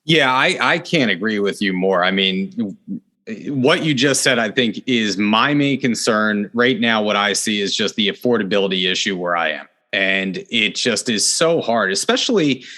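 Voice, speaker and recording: Bright-voiced man hosting a podcast. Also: normal speed. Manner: earnest, animated, jumps up in pitch on emphasis. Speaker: podcast host, real estate agent. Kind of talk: casual interview chat.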